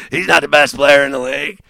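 On sports radio, a man delivers a sarcastic, mocking monologue, laughing as he drops his voice low and then bursts out loud. His voice is creaky and the recording is dry.

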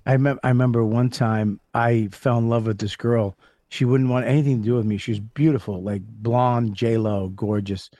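A man on a podcast telling a rowdy story, swearing often and breaking into loud mocking voices. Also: medium pitch, steady tone, normal speed, no room sound, clean studio sound. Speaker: comedian guest. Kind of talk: casual podcast banter.

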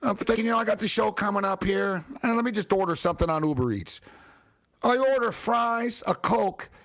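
A man hosting his own show, telling a rambling, exasperated story in a casual, animated way, full of fillers. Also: high voice, a little fast. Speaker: show host.

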